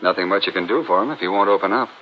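An actor playing a practical, wry sidekick who talks briskly in a 1940s radio drama, on a dull old recording with faint hiss. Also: male voice, deep voice, natural voice.

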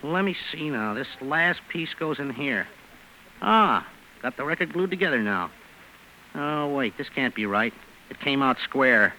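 An actor playing a bumbling young fix-it shop owner who cracks quick jokes and lets out nervous chuckles, in a 1940s radio comedy. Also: male voice, medium pitch, animated. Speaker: comic lead of the show. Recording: very hissy old radio broadcast.

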